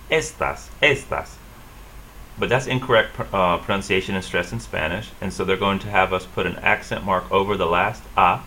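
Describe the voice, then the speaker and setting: Low bright-sounding guy teaching spanish stress, repeats words over and over, bit of hiss behind. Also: poor audio. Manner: slow, drilling repetition of words. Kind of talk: classroom lesson.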